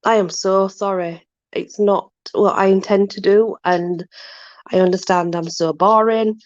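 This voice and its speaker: A woman's voice: medium pitch, fairly even intonation, unhurried, no room sound, muffled recording. A woman chatting casually, apologetic and self-deprecating, fussing over her dogs. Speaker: channel host with dogs. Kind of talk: casual chat.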